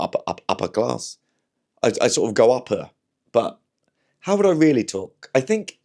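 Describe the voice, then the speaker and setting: A man's voice: lowish voice, creaky, a little mellow. A young man from Slough with a slightly posh southern English accent, a comedian chatting casually on his own, rambling with lots of fillers and restarts and poking fun at himself. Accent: southern English, somewhat posh. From Slough, England. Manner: rambling, self-deprecating, many fillers and restarts. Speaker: comedian and podcast host. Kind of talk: casual solo chat.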